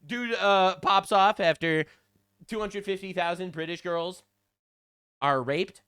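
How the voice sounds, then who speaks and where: A man's voice: high voice, slow pace, fairly bright tone, clear, resonant tone. A man giving sarcastic, profane political commentary, mocking the people he talks about. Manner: mimics quoted politicians in put-on voices.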